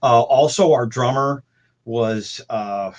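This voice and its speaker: A man's voice: medium pitch, takes it slowly. A man on a video call, telling rambling anecdotes about his band days in casual chat, full of restarts and fillers. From St. Louis. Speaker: guest musician.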